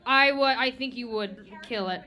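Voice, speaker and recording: A woman judging a singing contest, speaking in a candid, chatty way that turns loud and excited, with frequent laughter. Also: a little high, moderate pace. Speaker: singing competition judge. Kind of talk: casual spoken critique. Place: community music venue.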